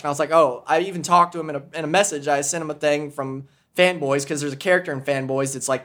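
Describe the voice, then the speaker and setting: A man with a fairly high voice chats on a podcast. He tells his stories with animated energy, swearing freely and laughing along. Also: fast, hardly any pauses. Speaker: podcast host. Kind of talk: casual podcast chat.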